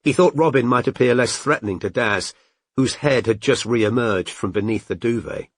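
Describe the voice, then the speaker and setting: A man's voice: mid-range voice, normal speed, dry recording, clean studio sound. A man narrating an audiobook, reading expressively and doing character voices. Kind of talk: scripted narration.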